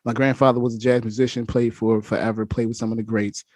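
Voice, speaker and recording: A man's voice: mid-range voice, flat delivery, quick pace, dry recording. A young adult man hosting a podcast interview, chatting casually and enthusiastically, often repeating his words. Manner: warm, enthusiastic, repeats himself. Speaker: podcast host.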